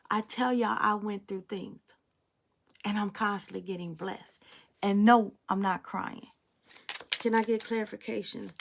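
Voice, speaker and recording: Gravelly-voiced woman preaching over tarot cards. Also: medium pitch, slight background noise. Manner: preachy, blunt and emphatic, addressing viewers directly; swears casually. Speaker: tarot reader. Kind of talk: spiritual tarot reading monologue.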